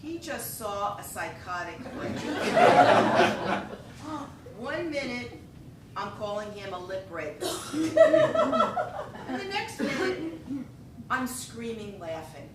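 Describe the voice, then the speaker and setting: Animated woman telling a comic story. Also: slow pace, long pauses. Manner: animated, laughs often while telling. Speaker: storyteller on stage. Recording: echoey hall, voice from a distance, rumbling noise.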